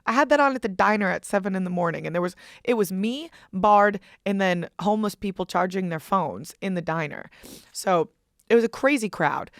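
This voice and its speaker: Young woman podcast host, loose and profane storyteller, dry close sound, mid pitch. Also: animated, fairly quick, no echo. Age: young adult. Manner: chatty, profane, laughing storyteller. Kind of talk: casual storytelling chat.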